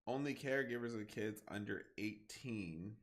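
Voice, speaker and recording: A man in his twenties streaming a game, reading aloud haltingly and then rambling loosely with lots of fillers. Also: lowish voice. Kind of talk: casual livestream commentary while gaming.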